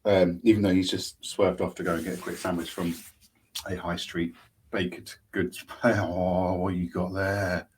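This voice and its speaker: Male co-host, deep husky voice, laid-back chatty delivery. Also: flat delivery, a little slow, a little mellow. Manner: chatty, munching through lunch while talking. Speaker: podcast co-host. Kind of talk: casual chat.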